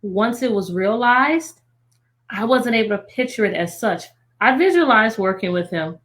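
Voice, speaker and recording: A woman's voice: on the high side, animated, moderate pace, fairly bright tone. A woman guest speaking earnestly and emphatically, in short declarations. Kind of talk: earnest testimony on a video call.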